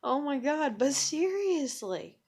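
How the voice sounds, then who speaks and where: A woman's voice: sits high, big pitch swings, slow pace, a little mellow. Young woman ranting with profane sarcasm. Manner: profane, rambling, heavy with "like" and "you know"; sarcastic, self-mocking. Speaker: vlogger. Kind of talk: casual venting monologue.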